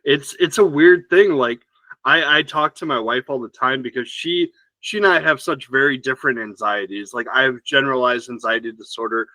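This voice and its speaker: A man's voice: medium pitch, normal speed, sharp tone, no echo, rough recording. A man who is a podcast guest, talking earnestly and reflectively in casual conversation, often restarting his sentences.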